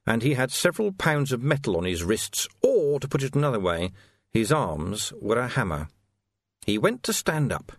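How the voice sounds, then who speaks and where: A man's voice: medium pitch, breathy edge, dry recording, studio quality. A man narrating an audiobook expressively, acting out the characters.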